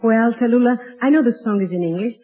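A woman from South America, a guest singer in a scripted radio comedy, excitable and playful. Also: on the high side, fast, breathy edge, in a large hall. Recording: tinny old radio broadcast.

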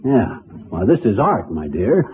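A man's voice: on the low side, big pitch swings, measured pace, a little hiss or hum. A man playing a brash, boastful small-town husband who mangles words, in 1940s radio comedy. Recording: tinny old radio broadcast, studio audience laughter.

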